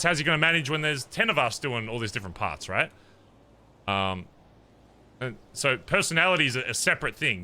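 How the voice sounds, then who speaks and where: A man's voice: mid-range voice, bright, forceful tone. A man streaming a roleplay game, talking in character as he earnestly lectures another player and swears a lot.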